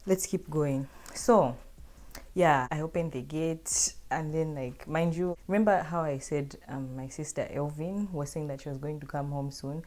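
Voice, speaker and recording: A woman's voice: sits low, measured pace, a little mellow. A young woman casually telling a personal story to her viewers in a chatty, filler-heavy way.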